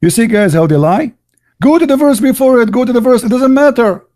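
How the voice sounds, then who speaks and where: Combative high-voiced man hosting a debate. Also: lively intonation, brisk, darkish tone, no echo, clean studio sound. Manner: combative, interrupting, repeats phrases and insults. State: losing his voice. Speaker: host of a live call-in debate stream. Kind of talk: heated live debate with a caller.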